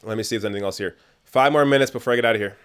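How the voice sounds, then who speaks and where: Fairly low, clean-toned and a bit bright, this young man's voice comes out rapid-fire. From Canada, he hosts a casual livestream Q&A, answering chat in a chatty manner, laughing often and trailing off into fillers.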